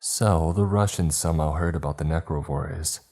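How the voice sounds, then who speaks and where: A man's voice: a bass voice, moderate pace, creaky, darkish tone, heavily acted. A man reading as a cold female agent. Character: cold female government agent, apologetic killer.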